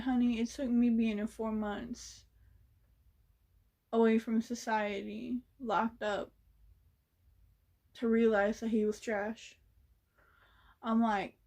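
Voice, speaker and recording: A woman's voice: on the high side, a little mellow. A young woman telling a story in a casual vlog, blunt and sassy, swearing freely. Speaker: vlogger.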